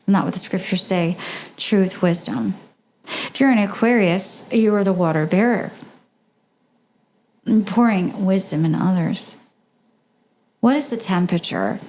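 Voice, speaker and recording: Woman podcast guest, emphatic and animated, fairly high voice that swoops widely. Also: a little hiss or hum. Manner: animated, emphatic, rhetorical questions. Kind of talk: impassioned advice in podcast conversation.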